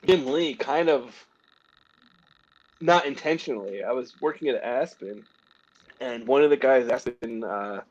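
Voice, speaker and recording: In a muffled recording, a medium-pitched man who draws comic books shares animated, self-mocking anecdotes during a relaxed interview. He voices other people's lines, peppers his talk with "like," and often laughs at himself between small coughs.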